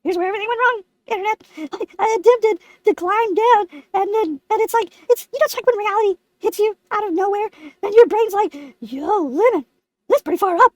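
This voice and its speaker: A woman's voice: very high-pitched, fairly quick, no echo. A woman voicing a brash, foul-mouthed lemon puppet host, telling a boastful comic story.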